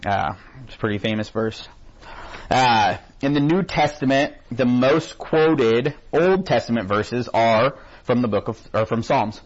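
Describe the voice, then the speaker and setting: A man at a middle pitch leads a casual Bible class in a church classroom. He reads verses slowly and carefully, then chats easily with the students. The recording sounds dull and low-fidelity. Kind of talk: informal Bible study lesson.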